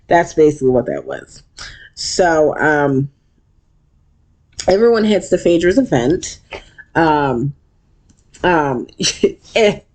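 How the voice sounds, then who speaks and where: A casual recapper retelling a reality show episode in blunt, profane chat, full of fillers and acted-out quotes. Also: a little mellow. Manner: acts out quotes with sudden high-pitched voices.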